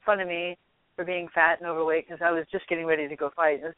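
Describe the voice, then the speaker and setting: A woman guest telling a story in a lively way, laughing often and acting out what people said. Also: sits low, quick pace, dry recording. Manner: animated, laughs often, acts out quotes. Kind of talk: casual storytelling. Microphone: telephone. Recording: tinny dry phone line.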